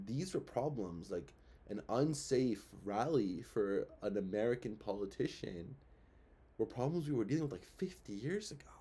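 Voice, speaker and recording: A young man hosts his own commentary show in a loose, rambling style. His voice is dark, mellow and slightly husky. He keeps throwing rhetorical questions into his talk. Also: on the high side. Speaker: show host. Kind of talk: casual commentary.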